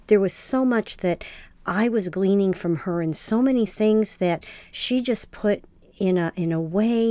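A woman hosting a podcast, speaking in a gentle, sincere way as she wraps up an episode. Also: mid-range voice, no room sound. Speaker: podcast host. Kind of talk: podcast outro narration.

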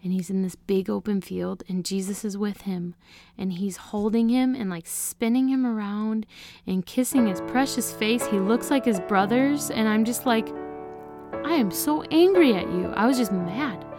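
A woman's voice: medium pitch, fairly even intonation, moderate pace, over music. A woman in her thirties, a podcast guest, telling a personal faith story in an earnest, emotional way. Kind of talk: personal testimony.

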